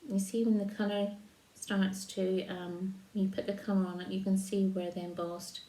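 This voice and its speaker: A woman demonstrating a card-making craft, talking slowly while she paints and trailing off softly. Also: medium pitch, level tone. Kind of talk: crafting tutorial. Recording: roomy echo.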